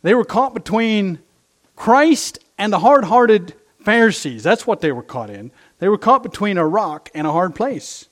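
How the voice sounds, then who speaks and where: A man's voice: high-pitched, big pitch swings, unhurried. A middle-aged male pastor preaching a sermon, impassioned and emphatic, repeating his phrases for effect.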